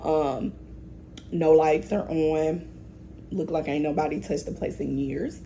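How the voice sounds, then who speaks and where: A woman with a low, gravelly voice, chatty and opinionated as she recaps a TV episode. Her tone is mellow and dark, and she often breaks off to talk straight to the characters. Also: slow pace, slight background noise. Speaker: TV recap host. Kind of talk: casual show recap.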